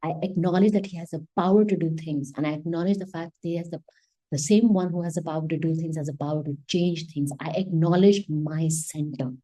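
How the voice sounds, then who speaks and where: A woman teaching a devotional Quran reflection, impassioned and emphatic, often slowing to stress single phrases and moving between English and Hindi. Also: low voice, steady tone, mellow, low-quality recording. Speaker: Islamic teacher.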